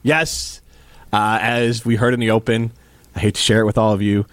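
A man's voice: fairly low pitch, level tone, normal speed, a bit bright, no echo. A man hosting a sports radio show in a studio, joking with his co-host and reading listener texts aloud. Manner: jokey, teasing, reads listener texts aloud. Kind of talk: casual sports radio banter. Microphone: studio microphone.

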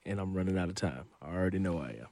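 A man who works as a sports reporter, guesting on a radio show and chatting in a relaxed way, thinking out loud. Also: sits low, very fast, no echo, studio quality. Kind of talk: casual chat.

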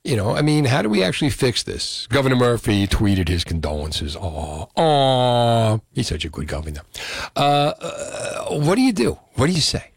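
A man's voice: medium pitch, very animated, normal speed, gravelly, no echo, studio quality. A male radio talk show host, delivering an indignant call-in monologue full of rhetorical questions.

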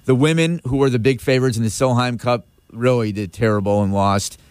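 A male radio host in easy, chatty conversation, tripping over his own restarts as he tosses out asides. His pitch is average for a man, and the sound is dry and close on a studio mic. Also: fairly even intonation, fairly quick, a little mellow, clear, resonant tone, dry recording. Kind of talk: casual radio chat.

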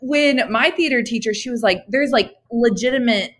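A woman hosts a casual interview in a fairly high voice. She is bubbly and giggly, and her questions wander before she lands on them. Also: normal speed, fairly bright tone. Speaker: interviewer, host.

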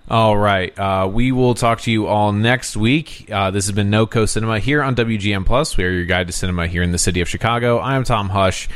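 Low-voiced rambling man hosting a film show. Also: fairly quick, few pauses, no room sound. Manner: rambling, earnest and enthusiastic. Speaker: podcast host. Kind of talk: casual radio-podcast chat.

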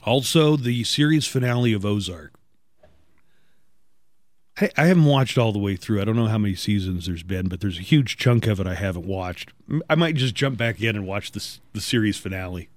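Low-voiced wisecracking radio host. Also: male voice, dry recording. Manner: wisecracking, conversational, reads listings briskly. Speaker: morning radio show host. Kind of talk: casual morning radio banter and news rundown.

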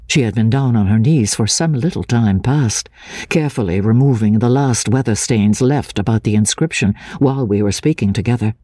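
A man narrating an audiobook in the first person, earnest and expressive. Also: on the low side, moderate pace, no room sound, studio quality.

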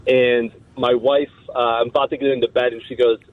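A man phones in to a radio show and tells a story in a relaxed, amused way. His mid-pitched voice comes through a tinny phone line with a dry sound. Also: a little fast, dry recording. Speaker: caller. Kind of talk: phone-in call.

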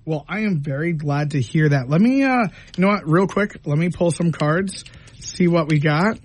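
A man doing a tarot reading on a radio show, asking gentle, probing questions. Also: a little high, expressive, moderate pace, slight background noise, rough recording. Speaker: tarot reader.

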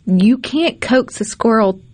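A woman hosting a radio talk show in a studio, chatty and quick to laugh. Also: on the high side, expressive, a little mellow, no echo. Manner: chatty, giggly, laughs often. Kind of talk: casual radio chat. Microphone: studio microphone.

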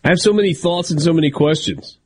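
A man's voice: a little high, fast talker, a little mellow. A man hosting a sports talk radio show, easygoing and wry, teasing his co-host.

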